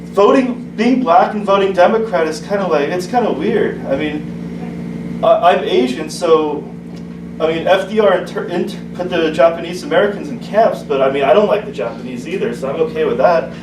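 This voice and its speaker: Open-mic male comic, stammering restarts, slightly high voice; recorded from far off in a roomy little club. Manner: halting, stumbling delivery with many restarts. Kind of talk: stand-up comedy set. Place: small comedy club, indoors. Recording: echoey club, distant mic, room noise.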